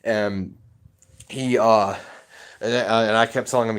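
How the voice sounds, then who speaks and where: A man with a fairly low voice tells his story in a rambling, agitated rush, swearing constantly. He is talking straight to camera in a personal video update. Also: flat delivery, unhurried. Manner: rambling, heavily profane, agitated. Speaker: vlogger.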